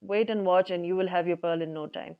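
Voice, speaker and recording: A woman's voice: lowish voice, steady tone, a little fast, lightly acted. A woman voicing a kind, eager wind. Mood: caring. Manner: eager, reassuring. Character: kind helpful wind spirit, eager and gentle. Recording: dull lo-fi recording.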